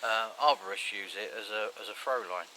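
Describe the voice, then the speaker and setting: A man's voice: fairly low pitch, fairly quick, sharp tone, low-quality recording. A man in the woods explaining his hammock gear to a friend, earnest and a bit stammering. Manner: earnest, technical, stammering restarts. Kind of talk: casual explaining chat. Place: outdoors in woodland. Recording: outdoor noise behind.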